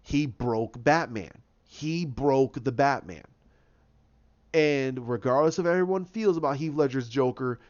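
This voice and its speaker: A man talks through his opinions in a loose, rambling way, restarting his sentences as he goes. His voice sits a little high for a man. The recording sounds dull and lo-fi. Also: darkish tone. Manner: rambling, with frequent restarts and acted quotes. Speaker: video host giving opinions. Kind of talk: casual opinion commentary.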